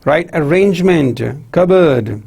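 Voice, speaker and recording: A man's voice: on the high side, animated, slow, a little mellow, breathy edge. A male lecturer with a Pakistani English accent, drilling example words for students and checking in with "right?" after each set. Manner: addresses listeners as "my dear students". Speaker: university lecturer. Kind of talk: recorded lecture on pronunciation.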